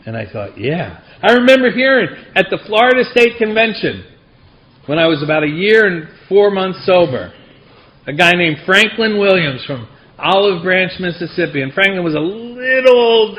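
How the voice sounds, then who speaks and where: A man's voice: sits high, highs cut off, a little hiss or hum. A middle-aged man giving a personal story at a recovery meeting, wry and self-deprecating. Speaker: AA speaker. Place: meeting hall.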